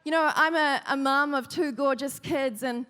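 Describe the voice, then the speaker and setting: A woman preaching a sermon, telling stories with lively, rising emphasis. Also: sits high, normal speed, in a large hall. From New Zealand. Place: large hall.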